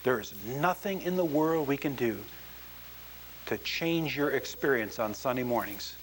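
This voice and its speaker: A man's voice: medium pitch, a little hiss or hum, rough recording. A man preaching as a pastor, telling stories and then leading an earnest prayer. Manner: earnest storyteller, slows in prayer. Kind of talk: sermon and prayer.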